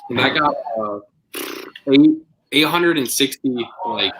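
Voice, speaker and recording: A young man hosting a live stream, chatting in a relaxed, easygoing way with a few hesitations. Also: mid-range voice, unhurried, slightly rough, low-quality recording. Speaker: channel host. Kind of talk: casual chat.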